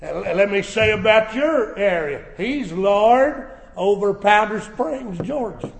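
A man preaching a sermon, swelling into shouted emphasis, recorded in a church sanctuary. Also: high voice, expressive, slow pace, creaky, slight background noise. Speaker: pastor. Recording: echoey church hall.

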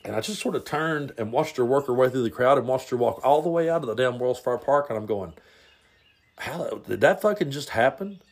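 A man's voice: medium pitch, fast, few pauses. Blunt man rambling through a story. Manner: blunt, rambling, stumbles and repeats words. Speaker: podcast host. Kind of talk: casual storytelling monologue.

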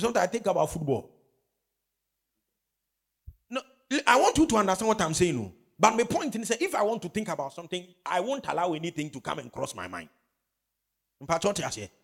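A man's voice: high voice, sing-song, brisk, vocal fry, fairly bright tone. A man preaching a sermon, emphatic, with call-and-response questions. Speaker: pastor.

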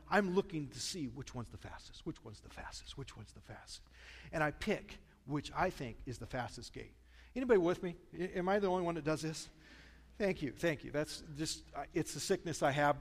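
Chatty Midwestern pastor in a big hall. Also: male voice, a little high. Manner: storytelling, chatty, self-deprecating humor. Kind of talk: sermon. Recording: long reverb of a large church hall.

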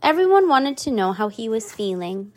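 A woman's voice: on the high side, moderate pace. A mother reading a children's picture book aloud to her young child, stopping to chat with the child about the pages. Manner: animated, chatting with her child between pages.

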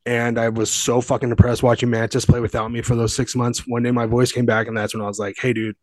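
With a mid-range, slightly mellow voice that barely shifts in pitch, a man in his forties talks at a quick pace without room sound. He owns a gym in Southern California and, as a podcast guest, tells his story casually, swearing, rambling and stressing his points.

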